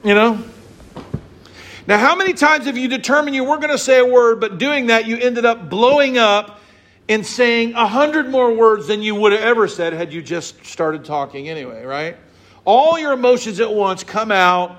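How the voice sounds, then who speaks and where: A man preaching a sermon to his congregation, acting out little scenes and voices as he explains a psalm. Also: moderate pace. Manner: animated, acts out scenes and voices with big pitch swings. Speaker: pastor.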